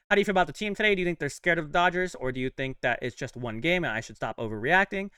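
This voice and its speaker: Young male fan-channel host, hoarse and blunt, slightly high, clear and animated. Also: very fast, few pauses, dry recording, clean studio sound, recorded from a distance. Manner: blunt, heated ranting with filler words. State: hoarse, worn-out voice. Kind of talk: fan commentary vlog.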